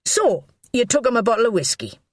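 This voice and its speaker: A woman's voice: a little high, big pitch swings, a little fast, no room sound, voice pushed up. A woman reading an audiobook, voicing a shrewd middle-aged police inspector with a dry, needling way of talking. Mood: probing. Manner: dry, needling and mock-innocent. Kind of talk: audiobook character voice.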